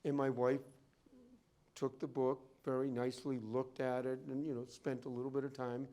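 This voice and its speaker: At a library event room talk, a rare book dealer and appraiser tells rambling anecdotes full of tangents. His voice is medium-pitched and dark, with a flat delivery at normal speed.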